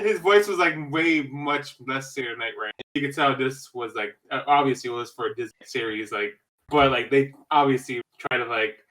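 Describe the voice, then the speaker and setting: A man's voice: mid-range voice, sharp tone. A man co-hosting a podcast, rambling with many fillers. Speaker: podcast co-host. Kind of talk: casual chat.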